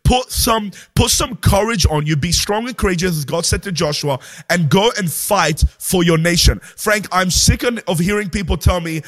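Man, high voice, forceful repetitive preaching cadence, faint music behind. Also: moderate pace, hardly any pauses. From Egypt. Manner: forceful, repetitive rallying cadence, sing-song rise and fall. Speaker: guest, Christian preacher. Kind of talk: impassioned preaching interview.

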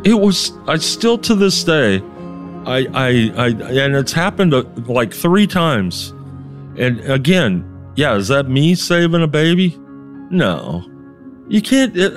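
A man's voice: fairly high pitch, sing-song, slow, faint music behind. A man, a street preacher, telling a story in an interview with emphatic delivery, acting out the voices of the people in it. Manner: emphatic, quotes others in dialogue, many restarts.

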